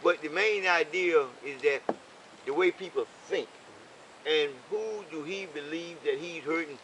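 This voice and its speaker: A man's voice: on the high side, measured pace, noisy background. An older man telling a roadside story in casual conversation, preachy and leaning on "okay?" for emphasis. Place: in a vehicle.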